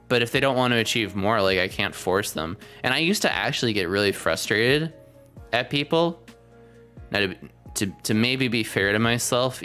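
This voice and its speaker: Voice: medium pitch, a bit bright. A podcast host chatting casually on a livestream, rambling with lots of fillers and the odd swear word.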